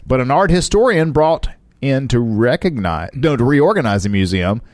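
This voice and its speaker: A man co-hosting a podcast, reading headlines in a goofy way and stumbling over foreign names. His voice is lively and his pitch moves a lot. The sound is close and dry. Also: moderate pace, dry recording. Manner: goofy, laughs often, mangles foreign words. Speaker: podcast co-host. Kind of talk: casual banter reading news headlines.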